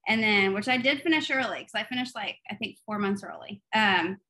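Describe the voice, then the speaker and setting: Female podcast co-host, animated storyteller, earnest in prayer. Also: medium pitch, fairly quick, poor audio. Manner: animated storytelling, laughs often, turns soft and earnest in prayer. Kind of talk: faith podcast chat and prayer.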